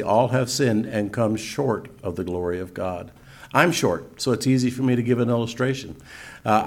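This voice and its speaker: An older man preaching and teaching, reading scripture slowly and solemnly between folksy asides. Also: medium pitch. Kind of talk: sermon-style teaching.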